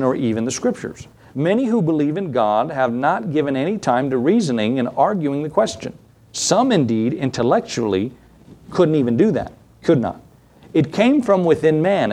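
A man in his thirties preaches a relaxed sermon, reading scripture and turning to the congregation with rhetorical questions. His voice sits in an ordinary middle register. He chuckles often and keeps a homespun tone. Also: medium pitch.

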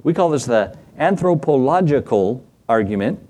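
A man's voice: medium pitch, very animated, normal speed, warm tone. A middle-aged man delivers a teaching sermon as a pastor. He keeps it conversational, tossing questions to the congregation. Now and then he acts out small scenes in quoted voices. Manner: conversational, asks the congregation for responses.

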